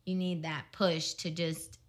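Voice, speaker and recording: A woman's voice: sits low, level tone, a little slow. A young adult woman chatting casually as a podcast co-host, frank and talkative. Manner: frank, talkative, many "like" fillers. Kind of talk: casual chat.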